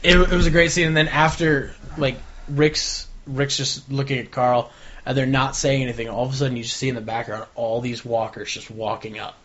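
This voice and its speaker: The co-host's delivery is flat and fairly quick, his medium-pitched voice fairly bright. Even so, he energetically retells a TV episode in casual podcast chat, acting out the characters' lines, captured in dull lo-fi sound.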